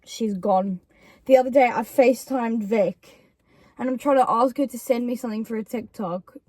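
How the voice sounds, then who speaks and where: A woman's voice: fairly high pitch, moderate pace, darkish tone, no room sound. A young woman telling stories about her friend in a casual chat, quoting her in put-on voices. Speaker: YouTuber co-host.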